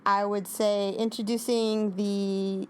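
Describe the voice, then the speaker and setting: A woman co-hosts a casual recap of a TV episode at a mid-range pitch. She rambles and restarts her sentences often. She laughs easily between points. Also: flat delivery, takes it slowly, clean tone. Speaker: co-host.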